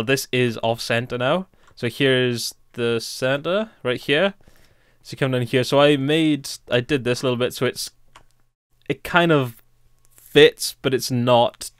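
Building in a let's play, a young man rambles and thinks aloud in casual commentary. He has a smooth, medium-pitched voice, recorded at studio quality without echo.

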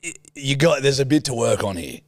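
A man's voice: mid-range voice, lively intonation, a little fast, dry recording, clean studio sound. A man hosting a podcast in casual chat, teasing and playful, laughing often. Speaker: podcast host.

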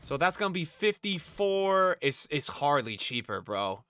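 Streamer, male, tired; bright, slightly high voice, dry close mic, ranting at chat. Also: sing-song, measured pace, clean tone, no echo. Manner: swears and vents at chat, swinging from mumbling to yelling. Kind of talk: live-stream gaming chat.

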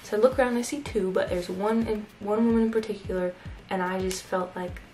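A woman's voice: medium pitch, fairly even intonation, brisk, warm tone, slight background noise, poor audio. A young woman telling a personal story in a casual vlog, chatty and full of "like" fillers. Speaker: YouTuber.

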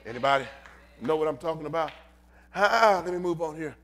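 A man's voice: on the high side, normal speed, pauses often, a bit bright. A pastor preaching a sermon in a church, building rhythmic repeated refrains and calling out to his congregation. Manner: impassioned preaching with rhythmic repetition and calls to the congregation.

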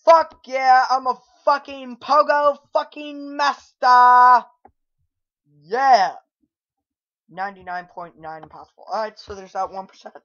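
A young man giving gameplay commentary, raging and swearing as he yells at the game. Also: very high voice, fairly even intonation, a little slow. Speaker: gamer. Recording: lo-fi dull recording.

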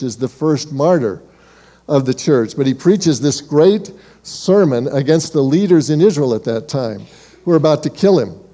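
A man preaching a church sermon, asking rhetorical questions and calling his listeners beloved, moving from emphatic lines to hushed ones. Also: medium pitch. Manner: dynamic delivery, shifting from emphatic to hushed. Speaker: pastor.

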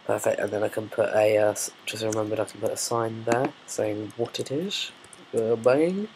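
A man's voice: on the low side, flat delivery, fairly quick, a little hiss or hum, low-quality recording. A man casually commenting on his own gameplay, muttering, swearing and thinking aloud while he builds. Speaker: gameplay video maker.

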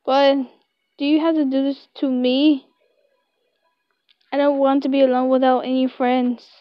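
Slow, halting young woman reading. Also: sits high, level tone, no echo, dull audio. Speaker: story reader. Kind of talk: reading a web story aloud.

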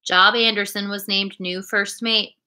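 Brief: woman reader, clear storytelling delivery, bright voice. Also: medium pitch, fairly even intonation, a little slow. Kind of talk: reading a children's storybook aloud.

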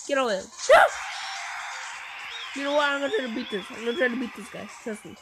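A woman giving live commentary on her own gameplay, excitable and full of playful trash talk and sudden shouts. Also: on the high side, fairly quick, long pauses, poor audio. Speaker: gameplay video host. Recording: game music playing behind. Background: game music.

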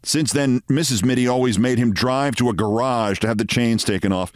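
A male host reading a short story aloud, measured and expressive. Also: mid-range voice, no echo, clean studio sound.

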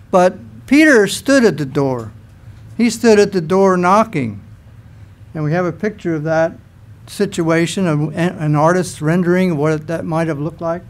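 A man preaching a sermon to a church congregation, telling scripture stories in an animated way. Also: on the high side. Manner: animated storytelling, acts out scenes.

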